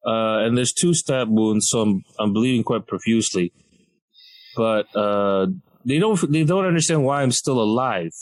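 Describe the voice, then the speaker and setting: Speaking at normal speed in a fairly low voice, a young comedian from Malaysia tells a podcast story as a guest. He's animated and acts out the other people in it, voicing the doctors and nurses. The audio quality is poor.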